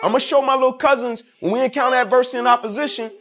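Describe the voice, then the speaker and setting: Young man, very high voice, subdued level; determined, repetitive motivational talk. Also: fairly even intonation, very fast, crowd noise. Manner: determined, repeating his points. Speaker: student.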